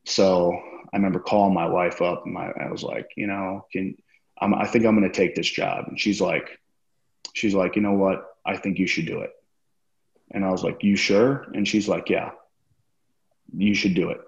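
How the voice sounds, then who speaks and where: Deep-voiced man swearing through a story. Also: flat delivery, moderate pace, vocal fry. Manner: profane, acts out quoted dialogue. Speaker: podcast guest, former wrestler. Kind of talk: casual storytelling interview. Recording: roomy, dull lo-fi sound.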